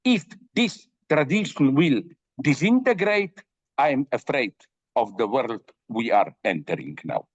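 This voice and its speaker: A man's voice: medium pitch, sing-song, unhurried, dry recording. An older man philosopher talking in an interview, emphatic and full of fillers and restarts. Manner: emphatic, many fillers and restarts, tells jokes. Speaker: philosopher guest. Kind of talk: animated interview talk. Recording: dull dry audio.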